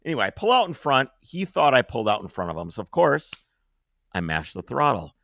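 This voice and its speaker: A man hosting a podcast, telling a long story in a casual, animated way, swearing freely and acting out the scenes. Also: mid-range voice, brisk, vocal fry, dry recording, clean studio sound.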